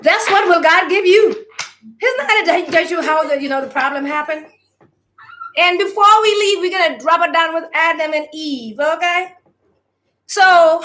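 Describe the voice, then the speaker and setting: A woman's voice: very high voice, a bit bright. A woman giving a spiritual talk to online followers. She speaks emphatically, piles up rhetorical questions and calls on listeners to answer.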